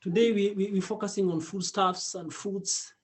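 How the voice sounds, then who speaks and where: A man teaching a casual online Swahili lesson, repeating words slowly and laughing often. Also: high voice, fairly even intonation.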